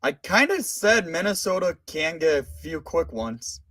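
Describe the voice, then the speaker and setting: A man acting as co-host, calm and mostly giving brief replies. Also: fairly high pitch, a little slow, dry recording.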